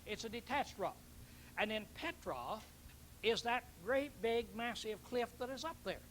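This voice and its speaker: A man's voice: extremely high pitch, lively intonation, unhurried, a bit bright, a little hiss or hum, poor audio. A man preaching a Bible teaching sermon, emphatic, repeating key words and questioning his listeners.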